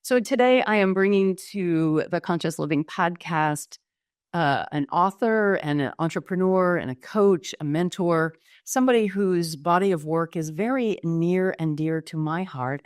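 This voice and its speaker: A woman's voice: low-pitched, moderate pace, no echo, studio quality. A woman from the United States hosting a podcast interview, effusive and enthusiastic. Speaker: podcast host.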